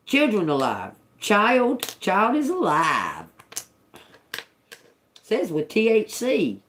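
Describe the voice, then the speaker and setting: A woman giving a loose, casual spiritual reading to her audience. Her pitch swings widely as she talks, and she breaks into laughter often. She swears freely and keeps a streetwise, offhand manner, with a faint ambient hiss behind her. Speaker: intuitive reader.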